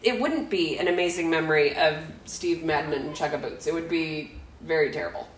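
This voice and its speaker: A woman's voice: low voice, brisk, reverberant, slight background noise, rough recording. A middle-aged woman telling a family story in casual chat, acting out quotes with laughter. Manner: animated, acts out quotes with laughter.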